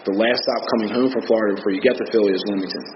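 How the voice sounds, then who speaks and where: A man's voice: on the low side, fairly even intonation, racing. A man with an American accent giving a candid personal testimony at a recovery meeting, talking casually with many fillers. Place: meeting hall. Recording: echoey hall, muffled audio with background noise.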